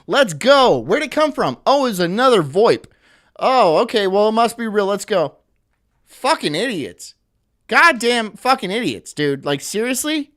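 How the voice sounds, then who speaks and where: Man, livestream host, profane rant, lively swooping pitch, fairly high voice. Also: measured pace. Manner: profane, animated ranting. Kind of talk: ranting commentary on news clips.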